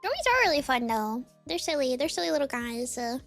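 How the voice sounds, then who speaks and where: Giggly high-voiced woman streamer. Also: sing-song, a bit bright, soft background music. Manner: giggly, teasing, rambling with fillers; reads out chat names rapidly. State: voice a bit worn. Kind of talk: casual chat with chat.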